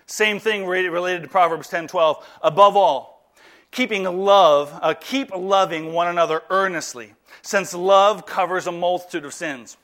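A male pastor delivering a sermon in a high, bright voice. He swings between soft, hushed moments and louder, emphatic pushes, mixing jokes with earnest appeals. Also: measured pace. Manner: animated preaching, mixing humor with earnest appeals.

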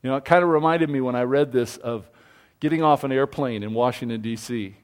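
A man's voice: mid-range voice, a little fast. A middle-aged man preaching a sermon as pastor, telling stories with animation and acting out the voices of people he quotes.

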